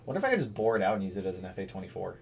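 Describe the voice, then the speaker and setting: A man hosting a car livestream, chatting casually and excitedly calling out viewers' names. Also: low voice, racing, creaky, slightly rough. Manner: excitable, shouts out chat names. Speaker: car channel host.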